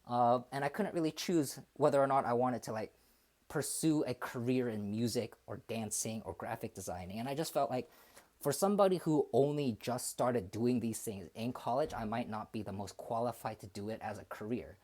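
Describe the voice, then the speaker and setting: A man's voice: mid-range voice, moderate pace, a little mellow. Hesitant, reflective young man. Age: 20s. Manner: hesitant and reflective, many fillers and restarts. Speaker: streamer. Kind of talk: casual livestream chat.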